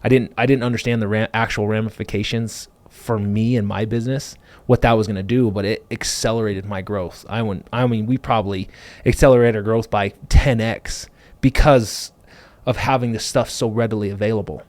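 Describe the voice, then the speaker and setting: This podcast host and business owner has a fairly low-pitched voice, captured in a dry recording. Speaking quickly and with lots of energy, he wanders through his business story, packing it with "like" and "you know." It's relaxed, conversational storytelling.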